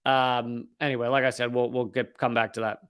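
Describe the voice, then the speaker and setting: A man's voice: medium pitch, level tone, a little fast, fairly bright tone, smooth. A man hosting a live-stream commentary, reading from an article and breaking off into sarcastic, joking asides.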